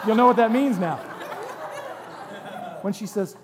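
A man's voice: high-pitched, a little slow, a crowd in the background, noisy background. A man preaching a sermon to his congregation in a conversational, humorous way, with jokes and asides. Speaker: pastor. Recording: long hall reverb.

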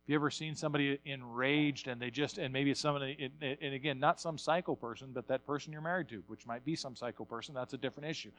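A male pastor preaching a sermon, repeating words as he builds up, swinging from quiet asides to loud bursts. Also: mid-range voice, steady tone, quick pace, few pauses, no echo.

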